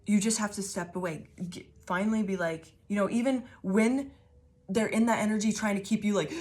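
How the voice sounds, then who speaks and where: A woman gives a loose, casual tarot reading to her viewers, swearing freely and rambling from one thought to the next. Her voice sits at an ordinary middle pitch, broken up by frequent laughter. She calls her listeners babies and piles on affirmations. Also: moderate pace, darkish tone. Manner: profane, rambling, laughs often. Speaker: tarot reader.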